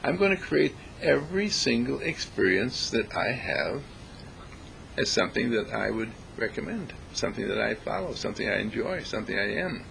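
A man giving a reflective spiritual talk, deliberate and emphatic, repeating phrases to stress them. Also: medium pitch, big pitch swings, vocal fry, a bit bright, slight background noise, rough recording. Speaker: spiritual speaker.

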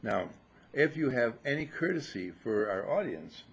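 Lively, joking older man teaching a group. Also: medium pitch, normal speed, gravelly. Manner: lively, joking, playful lecturing. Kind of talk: informal spiritual group talk.

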